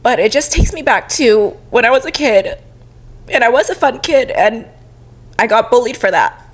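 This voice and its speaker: A woman's voice: fairly high pitch, animated, normal speed, husky. A young woman co-hosting a podcast, talking openly and emotionally while crying and laughing through tears. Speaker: podcast co-host. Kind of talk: casual heartfelt chat.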